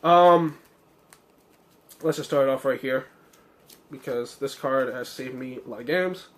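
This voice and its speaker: Casual man, a bit hoarse. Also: on the high side. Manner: rambling, many fillers and self-corrections. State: slightly hoarse, losing his voice. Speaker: card game deck reviewer. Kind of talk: casual deck walkthrough.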